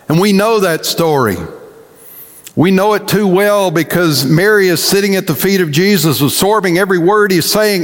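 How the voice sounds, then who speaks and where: Male pastor, fairly high voice, folksy storytelling sermon, long hall reverb.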